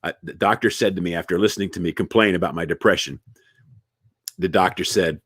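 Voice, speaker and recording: A man giving a casual comedic monologue, jokey and animated, repeating words and chatting with his viewers. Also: sits low, brisk, pauses often, slightly rough, dry recording, clean studio sound. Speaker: inspirational online comedian.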